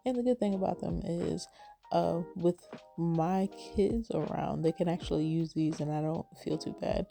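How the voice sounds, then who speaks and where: Low gravelly woman crafter. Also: normal speed, warm tone, soft background music. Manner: chatty and rambling, with fillers. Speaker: card-making crafter. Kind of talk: casual craft voice-over.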